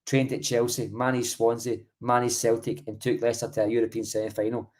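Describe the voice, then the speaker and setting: A man's voice: mid-range voice, monotone, a little fast, a little mellow. Blunt, sweary Scottish man. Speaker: podcast co-host. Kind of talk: heated football chat.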